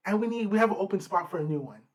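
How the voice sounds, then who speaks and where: A man voicing a cold, smug male villain while retelling a dream, in a slow, matter-of-fact tone. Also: high voice, lively intonation. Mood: coldly calm. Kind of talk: retelling a dream, quoting a character.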